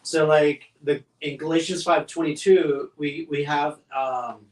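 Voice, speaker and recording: A man's voice: a little high, steady tone, unhurried, roomy sound, distant mic, poor audio. A man co-hosting a faith discussion podcast, talking earnestly and fervently with many restarts. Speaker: podcast co-host.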